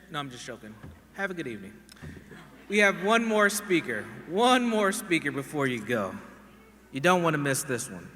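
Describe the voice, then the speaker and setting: A man hosts the stage at a conference and introduces the next speaker in an upbeat, joking manner. His voice is bright and forceful. It rings with the long reverb of a big hall. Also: medium pitch. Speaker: conference emcee.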